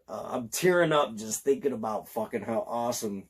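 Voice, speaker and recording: A slightly tipsy man giving an excited, profane, rambling film review. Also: medium pitch, fairly quick, hardly any pauses, husky.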